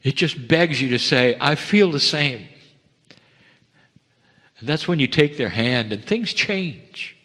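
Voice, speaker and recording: Male channeler, gentle measured sermon-style delivery with pauses; average pitch; long hall reverb. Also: expressive. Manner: addresses listeners as dear ones. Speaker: spiritual channeler. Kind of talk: channeled spiritual message to an audience.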